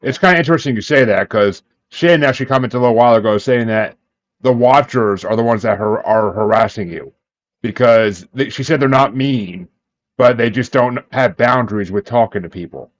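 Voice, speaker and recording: A man hosting a podcast, chatting with guests in a relaxed, quick way. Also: medium pitch. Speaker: podcast host. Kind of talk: casual interview talk. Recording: dull lo-fi sound.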